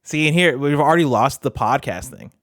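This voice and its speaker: A man's voice: medium pitch, animated, a little fast, fairly bright tone, no echo, studio quality. A man streaming casually, thinking aloud and often trailing off mid-sentence as he talks through his lyrics. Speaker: streamer writing rap lyrics. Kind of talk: casual livestream chat.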